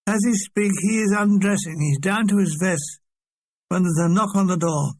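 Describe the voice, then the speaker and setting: A man's voice: high-pitched, normal speed, no echo. A man reading his own war memoir aloud as an audiobook, with dry comic understatement.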